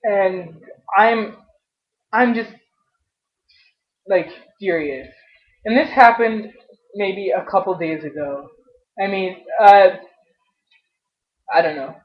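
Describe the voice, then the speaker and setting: A young adult woman venting in a personal vlog, frustrated and halting, often restarting her sentences. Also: mid-range voice. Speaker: vlogger. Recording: dull lo-fi webcam audio.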